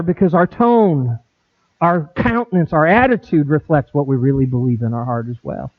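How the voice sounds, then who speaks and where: Animated preaching man, tinny thin sound. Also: on the high side, moderate pace, no room sound. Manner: animated preaching with acted-out quotes. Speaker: pastor. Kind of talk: sermon. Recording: dry, tinny phone-like sound.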